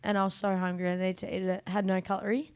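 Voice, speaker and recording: A woman's voice: mid-range voice, little pitch movement, darkish tone, clean tone. A woman co-host with an Australian accent, teasing and quipping in casual chat. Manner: teasing, quick quips.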